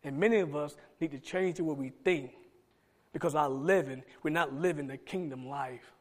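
A middle-aged man preaching a sermon, swinging between loud emphatic calls and soft low asides. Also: moderate pace. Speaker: pastor.

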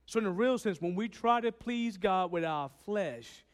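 A man preaching a sermon, swinging from loud, emphatic lines to quiet ones and acting out Bible characters. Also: high voice, expressive, moderate pace, in a large hall.

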